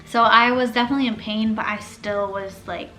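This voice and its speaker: A young woman casually telling her own birth story, chatty and animated, acting out what others said. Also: on the high side, a little fast, faint music behind. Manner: chatty, animated, acts out quoted speech.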